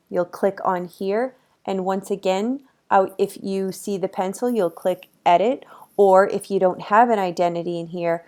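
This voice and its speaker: A woman's voice: fairly low pitch, darkish tone. A woman instructor giving a casual, chatty screen-recorded tutorial for her course, talking easygoing with frequent ums, on a computer microphone.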